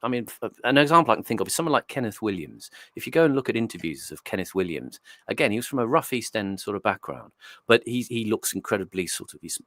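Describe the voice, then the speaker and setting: A man from Northeast England with a fairly low voice hosts a relaxed podcast chat. He talks in a digressive, thoughtful way and often restarts his sentences. The sound is dry and close. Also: fast talker, no echo. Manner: digressive and reflective, many restarts. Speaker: host. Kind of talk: casual podcast discussion. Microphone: streaming setup mic.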